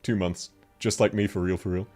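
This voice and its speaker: A man's voice: low-pitched, fairly even intonation, brisk, darkish tone, faint music behind. A man with an Australian accent, chatting casually on a game stream, laughing often as he answers chat.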